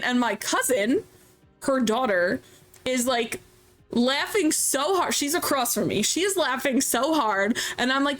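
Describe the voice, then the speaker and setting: Woman streamer, higher-pitched, casual animated chat over a game, faint background music. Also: moderate pace. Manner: chatty, animated storytelling with laughs. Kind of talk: casual chat while gaming.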